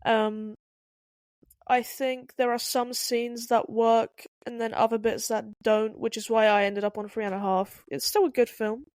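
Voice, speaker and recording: A woman's voice: fairly high pitch, little pitch movement, a little slow, darkish tone, clean tone, dry recording, clean studio sound. A woman co-hosting a podcast, giving blunt, opinionated film reviews in casual chat with hesitant restarts. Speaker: podcast co-host.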